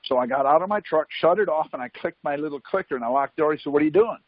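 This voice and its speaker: Husky man telling anecdotes on a call. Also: a little high, rapid-fire, no room sound. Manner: keeps asking "See?" while telling anecdotes. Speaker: conference call host. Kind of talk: casual storytelling on a call. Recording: dull lo-fi conference call line.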